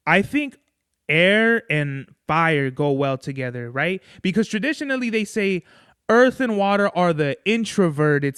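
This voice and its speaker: A podcast host, a young man, rambles loosely through a casual chat, swearing freely and calling the listener "bro." His fairly high voice is smooth, clear, and a bit bright. It's recorded close and dry, with no room sound or echo.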